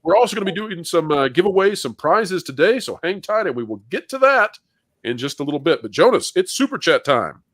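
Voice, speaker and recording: A man's voice: a little high, big pitch swings, brisk, a bit bright, no room sound, clean studio sound. A man hosting a livestream panel, upbeat and playful, with jokes between introductions. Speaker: host.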